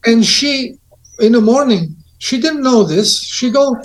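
High-voiced man telling earnest stories. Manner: earnest, lively storytelling with pauses and restarts. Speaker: guest. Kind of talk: casual conversation.

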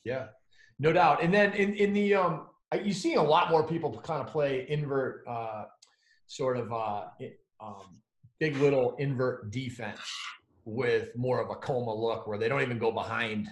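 Brief: male host, middle pitch, hesitant fillers, recorded in an echoey room. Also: moderate pace. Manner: hesitant, filler-heavy questioning. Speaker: podcast host. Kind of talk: casual podcast conversation. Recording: roomy echo.

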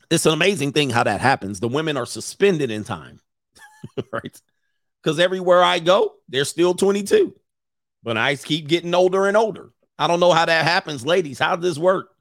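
A man's voice: on the high side, fairly bright tone, no echo, studio quality. A man in his forties, a relationship coach chatting casually on a livestream, joking and rambling and laughing often. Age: 40s.

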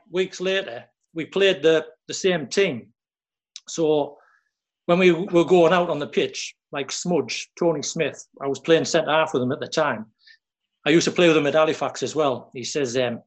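Rambling man, higher voice. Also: unhurried. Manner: rambling, lots of "like" and "you know". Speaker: former footballer guest. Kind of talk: casual anecdote telling.

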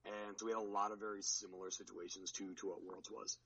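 A man's voice: fairly low pitch, flat delivery, quick pace, creaky, fairly bright tone, dull audio. A man on a podcast recounting his powerlifting meet in a rambling, casual way, with many restarts. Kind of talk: casual chat.

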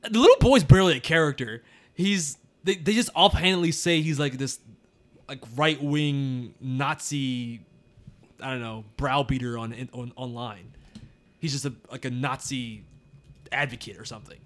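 Man, podcast host, casual film chat, bright tone, frequent laughs. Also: mid-range voice, moderate pace. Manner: laughs often, loose and profane. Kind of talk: casual movie review chat.

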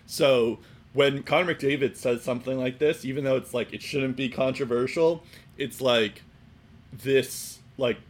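A man co-hosting a casual sports chat, rambling and filling every pause with "like" and "um". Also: mid-range voice. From Boston area. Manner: rambling, heavy on fillers like "like" and "um". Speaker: sports podcast co-host.

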